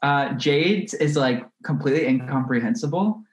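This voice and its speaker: A man's voice: medium pitch, normal speed. A man chatting as a guest on a casual podcast, joking and laughing often. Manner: playful, laughs often, mimics accents. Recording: roomy echo.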